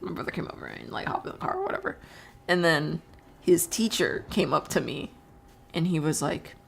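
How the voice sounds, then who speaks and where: A woman's voice: low-pitched, very animated, normal speed, vocal fry, breathy edge. A teenage girl live streaming, chatting casually and rambling through stories, laughing often and swearing freely. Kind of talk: casual chat while drawing on stream.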